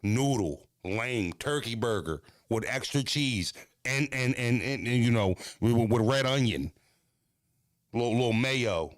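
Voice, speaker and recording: A man hosting a casual podcast, ranting bluntly with profanity, jumping into animated voices and stuttering restarts. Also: mid-range voice, unhurried, no echo. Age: adult. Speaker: podcast host.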